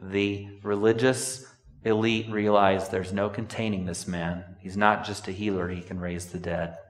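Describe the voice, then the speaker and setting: Male pastor, low voice, storytelling sermon with emphatic bursts, recorded in a reverberant church hall. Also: flat delivery, unhurried. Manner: storytelling, rising to sudden emphatic outbursts. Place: church sanctuary. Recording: echoey church hall from a distance.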